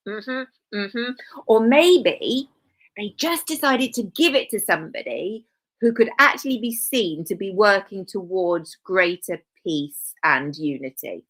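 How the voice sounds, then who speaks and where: A woman's voice: mid-range voice, lively intonation, a little slow, fairly bright tone. Sarcastic fifty-year-old woman host. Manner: sarcastic, mocking asides. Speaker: live video host. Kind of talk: sarcastic casual commentary.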